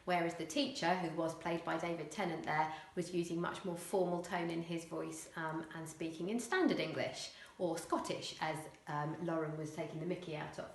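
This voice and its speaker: A woman primary school teacher explaining a writing lesson clearly, with occasional fillers. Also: low-pitched, fairly even intonation, normal speed, few pauses, reverberant.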